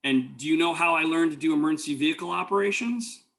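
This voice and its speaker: In this clip, an EMT instructor leads a class, wandering through personal stories packed with fillers and false starts. His voice is on the high side and fairly bright, with a creaky edge, and he talks quickly.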